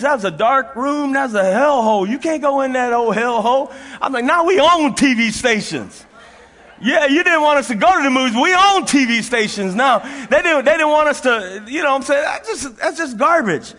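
A man's voice: extremely high pitch, expressive, fast talker, few pauses, a bit bright. A middle-aged man preaching a sermon as a pastor, telling folksy stories with frequent laughter and repeated phrases for emphasis. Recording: long reverb of a large hall.

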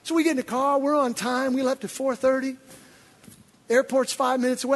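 An older man preaching, telling a story from the pulpit, swinging between low, quiet asides and loud, excited outbursts. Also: moderate pace, pauses often, a little hiss or hum. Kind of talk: sermon storytelling. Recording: long reverb of a large hall.

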